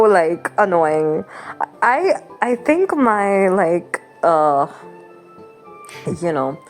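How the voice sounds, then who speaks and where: A woman's voice: on the low side, darkish tone. A young woman hosting a game channel, chatting casually and rambling while she plays, laughing often and sounding mock-exasperated. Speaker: gaming channel host. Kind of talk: casual gameplay commentary. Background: game music.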